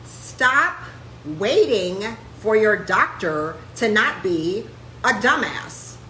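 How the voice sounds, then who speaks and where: A woman talks sarcastically and with plenty of attitude to her live-stream viewers, her high voice swinging up and down. The sound has a roomy echo. A faint noise hum sits underneath. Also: extremely slow. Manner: brash, sarcastic, animated. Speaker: host; chiropractor.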